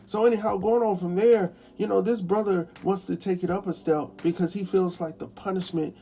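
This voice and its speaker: A man hosting a casual TV episode recap, chatty and colloquial, acting out the characters' lines as he goes. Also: high voice. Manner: animated, acts out characters' lines in quick impressions; chatty, colloquial, laughs at his own asides. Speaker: recap show host.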